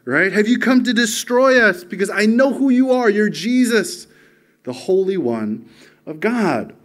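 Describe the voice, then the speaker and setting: A man's voice: high voice, animated, measured pace, darkish tone. A male preacher voicing a frightened demon crying out in panic, with a raised, urgent, pleading delivery. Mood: scared.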